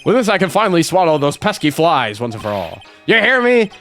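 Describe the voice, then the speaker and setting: A man voices an arrogant doctor who gloats over his critics. His voice is raised a little and pushed louder, smug and swinging in pitch. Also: big pitch swings, brisk, soft background music. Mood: gloating. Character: arrogant vengeful male doctor.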